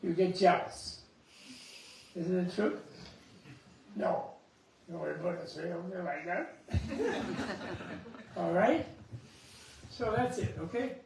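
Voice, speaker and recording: A man with a raspy, gravelly voice pitched a little high gives a Buddhist talk, telling animated stories with chuckling asides. He sounds distant from the mic. A long, booming hall echo surrounds every word. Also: slow, long pauses, noisy background. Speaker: Buddhist scholar giving a talk. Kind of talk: dharma talk with anecdotes. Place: temple hall.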